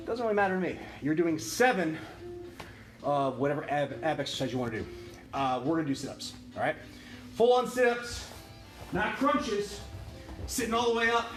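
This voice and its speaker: A man teaching a livestreamed kickboxing class, counting reps and joking with the students. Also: high-pitched. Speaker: kickboxing instructor. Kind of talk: livestreamed workout class instruction. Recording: echoey room with music behind.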